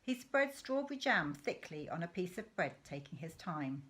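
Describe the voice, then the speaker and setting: A woman teacher reading a children's novel aloud in an expressive way. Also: fairly low pitch, normal speed. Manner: expressive, with animated rises and falls.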